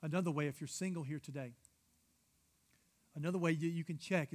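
A man preaching a sermon as pastor, swinging from loud, emphatic lines to hushed, soft ones and repeating words for emphasis. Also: fairly high pitch, fairly quick.

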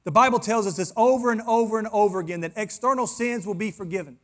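High-voiced preaching pastor. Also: male voice, fast talker, a bit bright. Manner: preaching, rising to fervent emphasis. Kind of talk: sermon. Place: church in front of a congregation.

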